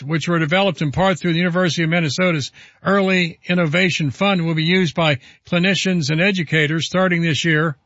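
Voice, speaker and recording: A man's voice: on the high side, a bit bright, dry recording. A man hosting a talk radio show, delivering an indignant, emphatic monologue and reading headlines aloud. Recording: dull lo-fi broadcast audio.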